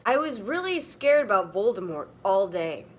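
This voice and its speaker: A woman's voice: mid-range voice, sing-song, moderate pace, slight background noise. A young woman reading a story aloud for comedy, mock-dramatic, with sudden overacted outbursts. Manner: mock-dramatic, bursts into loud overacted outrage. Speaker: comedy reader.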